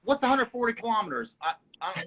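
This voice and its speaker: Fast-talking young guy, laid-back chat. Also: extremely high pitch, very animated, highs cut off, crowd noise. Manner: laid-back, lots of filler words and laughs. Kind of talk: casual chat.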